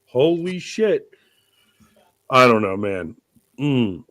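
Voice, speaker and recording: A man hosts a casual podcast, spinning profane, rambling stories that swing into loud outbursts. His voice is recorded dry and close, with no room sound at all. He sits at a middle pitch for a man. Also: very animated, very slow, no room sound. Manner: profane, rambling comic storytelling. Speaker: podcast host.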